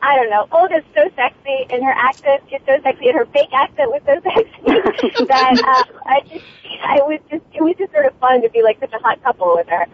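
A woman's voice: high voice, expressive, fairly quick, hardly any pauses. A woman guest chatting on a phone-in, bubbly and giggly, full of fillers. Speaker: actress guest. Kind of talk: casual phone-in chat. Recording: noisy, tinny phone line.

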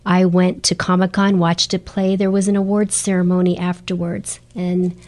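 A woman's voice: on the low side, level tone, moderate pace, a little mellow. A middle-aged woman, a guest in an interview, telling her stories earnestly and with animation. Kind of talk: storytelling interview chat.

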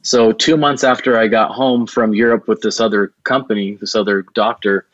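A man with a fairly low voice tells a long personal story in an interview, earnest and rambling, circling back with fillers and restarts. The sound is dry and a bit dull, like a modest lo-fi recording. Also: steady tone, moderate pace, a bit bright, no room sound. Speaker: video production business owner, guest.

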